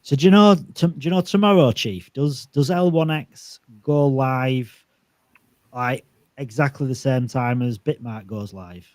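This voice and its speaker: A man's voice: medium pitch, unhurried, no room sound. A man hosting a live stream in casual chat, often restarting his sentences and filling with "like". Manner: repeats himself, lots of likes and restarts. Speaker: host.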